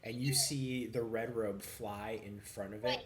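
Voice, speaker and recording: A man's voice: fairly low pitch, a little slow. A man running a tabletop game as game master, narrating loosely with many fillers.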